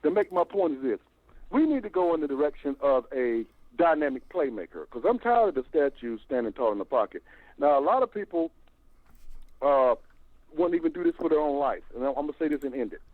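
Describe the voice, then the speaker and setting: Older guy on a tinny phone line, rambling call-in rant, pitch all over the place. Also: fairly quick, no room sound. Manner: animated, repeats himself, stammering restarts. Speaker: phone-in caller.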